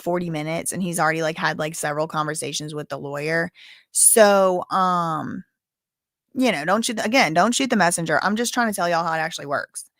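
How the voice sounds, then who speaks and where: A woman's voice: on the low side, fairly bright tone, no echo, studio quality. A woman hosting a live-stream legal commentary, talking in a conversational, explanatory way with fillers and restarts. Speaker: legal commentary channel host.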